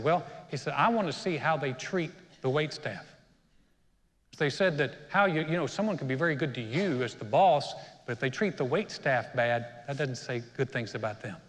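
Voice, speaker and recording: A man preaching in a church hall, his voice sitting a bit high for a man. The sound carries a long reverb from the big room. He tells the story in a conversational way and acts out the lines as he goes. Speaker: senior pastor. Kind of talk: sermon. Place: church auditorium.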